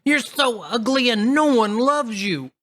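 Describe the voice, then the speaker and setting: A man's voice: extremely high pitch, lively intonation, measured pace, fairly bright tone, voice pushed up, full character voice. A man voicing a hysterical, entitled young woman who screeches in panic while reading a story aloud. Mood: insulting.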